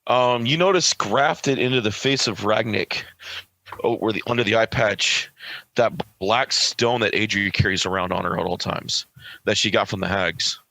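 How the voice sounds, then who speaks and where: A man from California narrating a tabletop game as game master, in quick, offhand narration. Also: fairly low pitch, creaky, bright, forceful tone, no room sound, rough recording.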